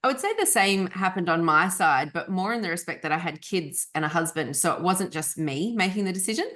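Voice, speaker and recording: A woman, a podcast guest, telling her story in a measured, slightly hesitant way. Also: fairly low pitch, animated, a bit bright. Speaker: guest, columnist. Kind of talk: conversational storytelling.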